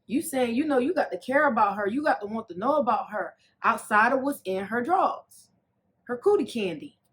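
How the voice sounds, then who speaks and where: A woman hosting a casual TV recap, talking in a sassy, animated way that swings between loud jokes and soft, earnest asides. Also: on the high side, fairly quick, breathy edge. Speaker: recap host.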